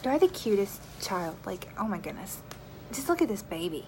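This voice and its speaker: A woman's voice: medium pitch, sing-song, normal speed, a little hiss or hum. A young woman chatting playfully with viewers on a phone livestream while doing her makeup. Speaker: beauty vlogger. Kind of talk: casual livestream makeup chat.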